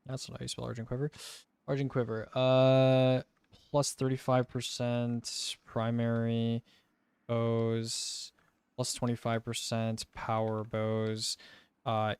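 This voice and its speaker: A man's voice: medium pitch, completely flat delivery, slow pace, a little mellow, smooth, no room sound. A young man streaming, casually talking through game testing, thinking aloud, muttering through sums and swearing now and then. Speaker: gaming streamer.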